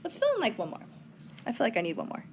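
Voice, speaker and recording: A woman's voice: fairly high pitch, wildly swooping pitch, racing, slight background noise. A woman teaching a recorded whiteboard math lesson, chatty, with playful asides to her students.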